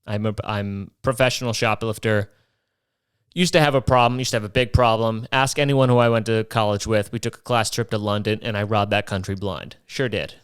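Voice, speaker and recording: A man's voice: on the low side, steady tone, a little fast, clear, resonant tone, no echo, clean studio sound. Profane ranting young man. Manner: profane, ranting, mock-indignant. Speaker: comedy podcast host. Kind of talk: rambling comic monologue.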